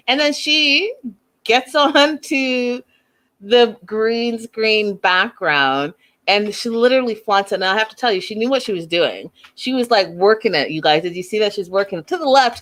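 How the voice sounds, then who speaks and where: A woman hosting a casual reality TV recap, chatty and animated, acting out the people she quotes. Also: medium pitch, normal speed. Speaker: show recap host.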